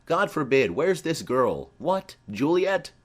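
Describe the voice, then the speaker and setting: A man's voice: lowish voice, expressive, measured pace. A man reading the part of a garrulous old female nurse who rambles on with chatty asides.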